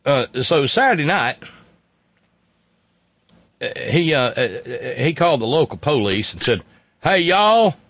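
A man's voice: mid-range voice, lively intonation, unhurried, gravelly, long pauses, fairly bright tone, no room sound. A man co-hosting a talk show, telling a news story with heavy sarcasm and mocking asides. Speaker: co-host. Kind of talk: sardonic political banter.

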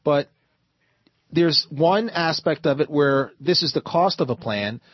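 A man hosting a call-in talk radio show, talking fast and repeating words as he builds his points. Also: fairly high pitch, animated, husky, no room sound. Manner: stammering, repeats words while building arguments. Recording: muffled broadcast audio.

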